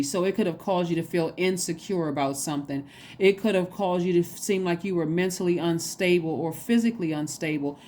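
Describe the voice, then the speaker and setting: A woman's voice: lowish voice, darkish tone, a little hiss or hum. Rambling woman giving a casual tarot reading. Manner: rambling, repeats phrases, tags with "right?". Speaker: tarot reader.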